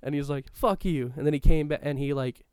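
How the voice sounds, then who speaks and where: Profane, rambling man with a clear voice. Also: fairly high pitch, flat delivery, quick pace, dark tone, dry recording, studio quality. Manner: profane, rambling, laughs often; stops to look things up mid-talk. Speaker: co-host reminiscing about school days. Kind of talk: casual chat.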